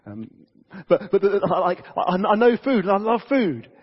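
Man, preacher, chatty and excitable, slightly high voice, husky edge, long church echo. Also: normal speed. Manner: energetic, conversational, frequent restarts. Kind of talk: lively sermon. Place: church hall. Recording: dull reverberant church audio.

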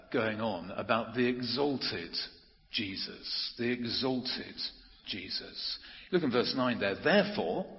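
A man preaching an earnest, emphatic sermon, slowing down to stress key phrases. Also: medium pitch. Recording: muffled audio with long hall reverb.

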